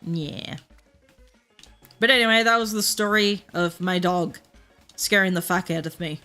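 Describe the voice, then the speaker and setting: A woman's voice: on the low side, unhurried, bright, forceful tone, soft background music. An Australian woman streaming a game and chatting casually, swearing freely and laughing through her stories. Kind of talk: casual chat while gaming.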